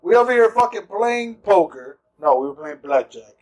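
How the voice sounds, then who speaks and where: Man, high voice, loud profane storytelling, podcast chat, distant mic. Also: sing-song, moderate pace. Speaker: podcast co-host. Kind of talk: casual chat.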